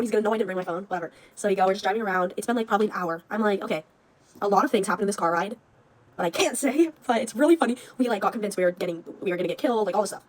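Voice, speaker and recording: An eighteen-year-old woman recounts a story in a loose, casual storytime voice. She talks quickly and swears freely, laughing between lines, and her voice jumps up into shrieks when she reenacts the panicked moments. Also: medium pitch, slight background noise.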